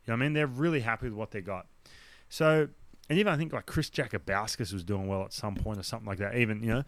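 A man's voice: lowish voice, fast, no echo. A man from Australia with an Australian accent, a guest telling a story in casual chat. He acts out what other people said, blunt and swearing now and then. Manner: animated, acts out the dialogue of others. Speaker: podcast guest, former baseball pitcher.

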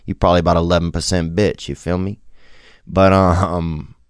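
A man speaking in a candid, rambling personal monologue, halting and vulnerable, with casual profane slang. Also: sits low, level tone, smooth, no echo, studio quality.

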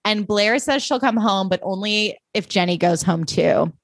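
A woman's voice: medium pitch, animated, normal speed, no echo, studio quality. A woman co-hosting a podcast, casually recapping a TV episode and acting out lines from it. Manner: narrates plot with acted-out quotes, chatty. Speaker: podcast co-host.

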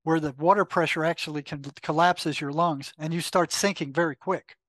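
An older man recounts a story in an animated way, stopping often to voice the exchanges in his head. His voice sits a little high for a man. The sound is dry and close, with no room around it. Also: moderate pace, no room sound. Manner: animated retelling with quoted inner dialogue, frequent fillers. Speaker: guest, retired psychotherapist. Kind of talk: conversational storytelling.

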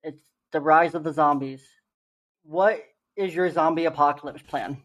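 A man's voice: a little high, steady tone, normal speed, a bit bright, muffled recording. A young man co-hosting a casual podcast, upbeat and joking about himself, doing the ad reads in a salesy way. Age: young adult. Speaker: podcast co-host. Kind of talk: casual podcast chat and ad read.

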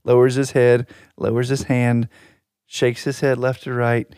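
A man's voice: medium pitch, monotone, a little slow, a little mellow, smooth, no echo. A middle-aged man co-hosting a podcast, telling stories with dry, wry humor in casual chat. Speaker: podcast co-host.

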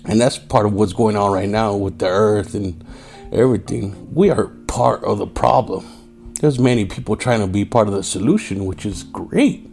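Over faint background music, a tired-sounding man hosts a casual solo podcast in a mid-range, creaky, darkish voice, speaking a little slowly. He's profane and streetwise, says "yo" often, and raises his voice to mimic angry drivers.

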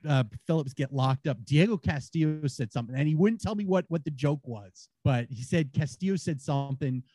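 A man guest on a casual podcast, telling stories and jokes in an animated, laughing way. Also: fairly high pitch, brisk, no echo. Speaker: guest, former radio host.

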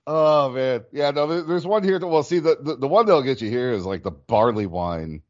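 A man's voice: mid-range voice, animated, normal speed, dull audio. Rambling casual man hosting a podcast. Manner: rambling, filler-heavy, swears casually. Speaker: podcast host. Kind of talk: casual chat.

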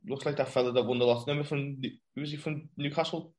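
A man's voice: medium pitch, steady tone, rapid-fire, darkish tone. A man hosting a casual podcast, asking his mates questions in a rambling, friendly way. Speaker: podcast host.

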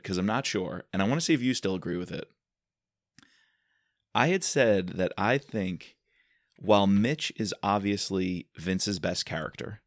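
A man with a very low voice talks through his take on a book series in a relaxed, opinionated way. The recording is dry and close-miked. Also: no room sound. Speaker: podcast host. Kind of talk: casual book discussion.

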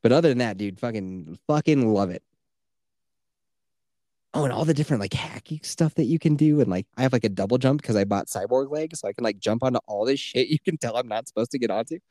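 A podcast host with a warm, medium-pitched voice talks quickly, telling a long, wandering story in casual conversation. He swears freely and leans heavily on fillers like "like." The studio sound is clean, with no room sound.

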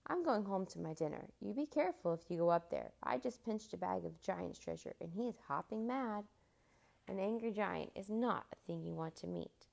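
A woman's voice: medium pitch, expressive, moderate pace, vocal fry, darkish tone. A woman voicing a cheerful, cocky boy who talks breezily and confidently. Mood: breezy.

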